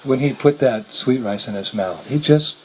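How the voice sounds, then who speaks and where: A man's voice: medium pitch, normal speed, a little mellow. A man, a visiting monk, telling a story to a gathering, chuckling often as he speaks. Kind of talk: storytelling talk. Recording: noisy lecture recording.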